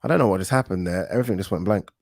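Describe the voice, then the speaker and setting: A man hosts his boxing channel, reading out viewer comments in a relaxed, joking manner and swearing casually. His voice sits on the low side. The sound is dry and close, with no room echo. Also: rapid-fire. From England. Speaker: boxing YouTube host.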